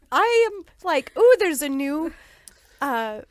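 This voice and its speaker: Female podcast co-host, high and animated, giggly storyteller, dry mic. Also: extremely slow, dry recording. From United States. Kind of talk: casual podcast chat.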